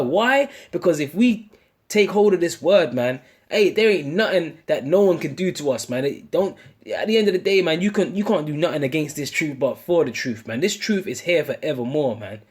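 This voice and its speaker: A man's voice: a little high, breathy edge. A British man preaching an informal sermon, speaking in casual slang with many restarts and ending phrases with "man". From United Kingdom. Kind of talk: informal street-style sermon.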